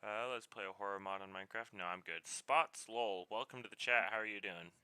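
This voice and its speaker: A man's voice: lowish voice, a little fast, bright, forceful tone, clear, resonant tone, dry recording, poor audio. A man chatting casually on a live game stream, greeting viewers by name in an easygoing way.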